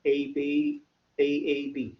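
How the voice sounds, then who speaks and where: Slow, male teacher in echoey classroom. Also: a little high, monotone, highs cut off. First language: Arabic. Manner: repetitive, quizzes students with "what?". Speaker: English literature teacher. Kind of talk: classroom lecture.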